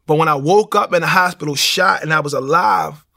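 Gravelly man telling his story. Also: fairly high pitch, a little fast, pushed and bright. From Baltimore, USA. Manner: storytelling with acted-out dialogue. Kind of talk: personal testimony.

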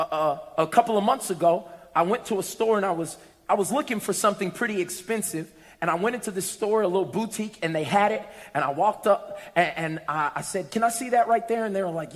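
A man preaching a sermon to a congregation, telling a story and building to shouted peaks. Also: high voice, long reverb tail. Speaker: pastor. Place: church hall with congregation.

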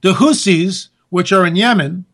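A man delivering a solo political commentary in a high voice. He rants with a sarcastic edge and his voice climbs toward near-shouts. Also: a little slow. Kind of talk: monologue commentary.

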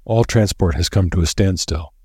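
A man voicing a grim, solemn old professor with a deliberate way of speaking, in a read-aloud story. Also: low voice, mellow, breathy edge, no room sound, clean studio sound.

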